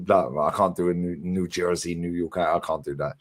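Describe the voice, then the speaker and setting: A London man hosting a stream on a video call, chatting casually in quick slang with laughter and swearing. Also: sits low, fairly even intonation. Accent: London English. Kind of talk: casual chat.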